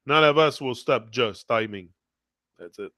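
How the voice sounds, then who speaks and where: Bright-voiced man with a French accent. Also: medium pitch, measured pace, no room sound. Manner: rambling, self-correcting, earnest. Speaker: motivational vlogger. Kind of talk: casual live motivational talk.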